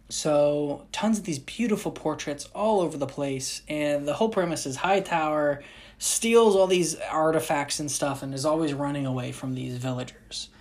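Low-voiced young woman rambling to camera. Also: darkish tone. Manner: rambling, frequent restarts and self-corrections. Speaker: vlogger. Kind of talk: casual chat.

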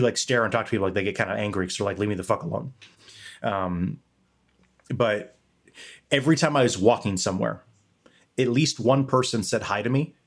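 A young man co-hosting a podcast, talking candidly in a rambling way and swearing casually. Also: medium pitch. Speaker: podcast co-host.

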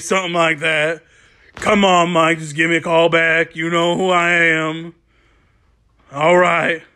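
A man's voice: on the high side, pushed and bright. A man voicing a pushy, oblivious caller who rambles on while leaving a voicemail in a comedy sketch. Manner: rambling, persistent, chatty.

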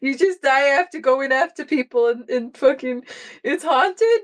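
A woman voicing a frantic young woman adventurer in a panic, talking in a shrill, rushed, alarmed way. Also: expressive. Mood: panicked.

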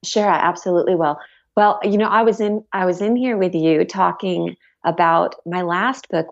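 A woman author guesting on a podcast, telling stories in an animated way and laughing as she talks. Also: fairly low pitch, creaky, muffled recording. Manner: animated storyteller, laughs while talking. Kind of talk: casual chat.

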